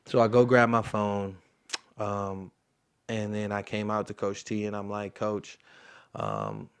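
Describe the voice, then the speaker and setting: A man's voice: on the low side, animated, measured pace, vocal fry, clear, resonant tone. A young man in his twenties, an interview guest and football player, telling a story casually and acting out the voices of the people in it.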